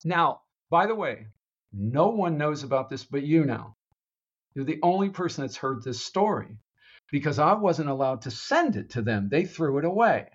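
A man telling his own screenplay with loose, animated energy, breaking into laughs and playing out bits of dialogue. He talks like he is chatting with a friend. The recording sounds slightly dull and lo-fi. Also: a little high, normal speed, husky. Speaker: screenwriter pitching a story. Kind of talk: casual storytelling chat.

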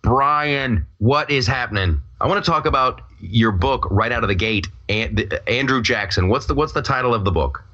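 A man who is a comedian and podcast host, telling a rambling, animated comic story and then interviewing a guest. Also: medium pitch, normal speed, few pauses, highs cut off. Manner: rambling, animated, self-mocking. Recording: echoey room with audience noise. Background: audience laughter.

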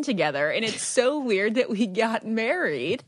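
A woman's voice: a little high, sing-song, a little slow, hardly any pauses, no echo. A woman co-hosting a podcast, chatting casually with friends in a giggly, gushing way, full of "like". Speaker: podcast co-host. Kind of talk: casual chat.

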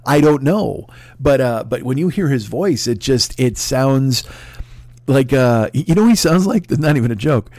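A man riffs through a comedy podcast monologue, cursing freely and rambling from tangent to tangent. His voice sits in a middle pitch and jumps into loud, excitable bursts. The recording is dry and close, with no room echo. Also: unhurried. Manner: rambling, profane and excitable, with sudden loud outbursts. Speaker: podcast host.

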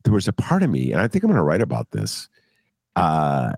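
A man, co-hosting a casual political chat podcast, rambling and animated, laughing often and full of fillers. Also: low-pitched, fairly quick, vocal fry, slightly rough, no echo, clean studio sound. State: recovering from a cough. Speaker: podcast co-host and columnist.

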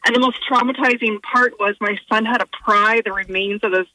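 A woman caller telling an exasperated, animated story by phone. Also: on the high side, fairly quick, no room sound, poor audio. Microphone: phone line.

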